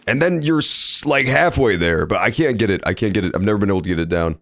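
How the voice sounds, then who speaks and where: A man's voice: on the low side, quick pace, gravelly, no echo. A man streaming a video game, chatting casually and joking, often calling out to the characters on screen. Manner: animated, jokey, talks to game characters. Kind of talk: casual gameplay commentary.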